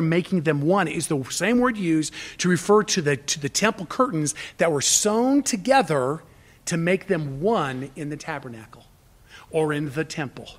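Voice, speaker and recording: A man preaching a sermon as pastor, emphatic and repetitive, swinging from loud exhortation to hushed asides. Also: high voice.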